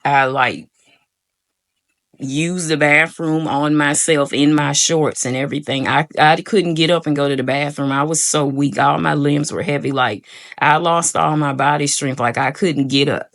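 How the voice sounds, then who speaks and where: A woman's voice: sits low, fairly even intonation, moderate pace, fairly bright tone. A young woman telling a personal story to her viewers in a casual, rambling way, full of "like" and "y'all". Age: young adult. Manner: rambling, frequent "like" fillers, addresses viewers as y'all. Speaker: vlogger.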